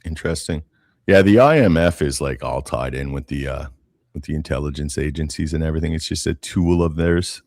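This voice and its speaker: A man's voice: very deep voice, brisk, creaky, darkish tone, no room sound, studio quality. A man from Canada co-hosting a casual political podcast, talking bluntly and swearing freely, often restarting his sentences. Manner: blunt, profane, repeats words when starting. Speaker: podcast co-host.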